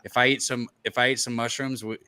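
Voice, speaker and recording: A man on a sports gambling stream with a bright, forceful voice. He jokes around and rambles, tripping over his words as he goes. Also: mid-range voice, flat delivery, fast, no room sound. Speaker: podcast co-host. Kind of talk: casual sports chat.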